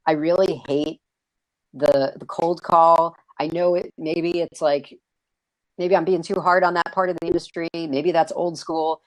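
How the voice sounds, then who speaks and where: Energetic man hosting a video stream. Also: fairly high pitch, measured pace, dry recording, low-quality recording. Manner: energetic, excitable, raises his voice. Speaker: host. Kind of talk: casual live video-stream chat. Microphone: video call.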